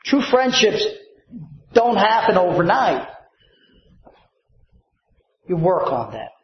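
A man's voice: high voice, big pitch swings, slow pace, roomy sound, highs cut off. A man preaching a sermon as a pastor, stretching out key words and calling for amens. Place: church sanctuary.

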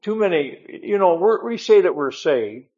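A man's voice: sits high, big pitch swings, moderate pace, a little mellow, dull audio. A man preaching a folksy, emphatic sermon in a church, often repeating amen. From northern United States. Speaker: guest preacher.

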